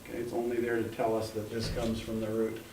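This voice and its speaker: A man's voice: fairly low pitch, completely flat delivery, a little fast. Patient male teacher in echoey classroom. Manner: patient, coaching students syllable by syllable. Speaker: Hebrew teacher. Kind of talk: classroom instruction. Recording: echoey room, mic at a distance, faint noise.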